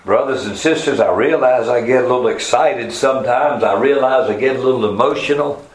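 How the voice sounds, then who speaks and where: A man preaching a sermon, fervent, his voice swinging from soft, slow passages to loud, rising emphasis. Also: mid-range voice. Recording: echoey room with faint ambience.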